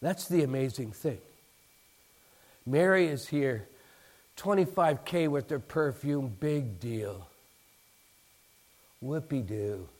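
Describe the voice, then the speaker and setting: A man preaching a sermon in an animated way, acting out bits of dialogue and building to emphatic peaks. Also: a little high, takes it slowly, long pauses. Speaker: pastor.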